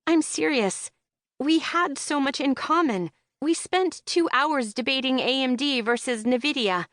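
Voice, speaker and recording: A woman's voice: high-pitched, a little slow, fairly bright tone, no room sound, clean studio sound, voice pushed up. A woman voicing an awkward, self-conscious young woman gamer who speaks earnestly and flustered, in an audiobook.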